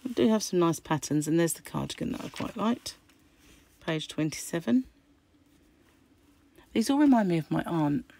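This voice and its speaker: A middle-aged woman with a croaky voice, chatting casually as she pages through a craft magazine. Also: on the low side, expressive, normal speed, long pauses, warm tone. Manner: chatty, musing aloud while flicking through pages. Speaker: craft channel host. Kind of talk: casual magazine unboxing chat.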